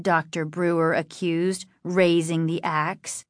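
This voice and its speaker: A woman narrates a spooky children's chapter book in a measured, dramatic way. She takes her time over each phrase. The recording is close and dry. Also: lowish voice, flat delivery, no room sound. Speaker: audiobook narrator. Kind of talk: scripted narration.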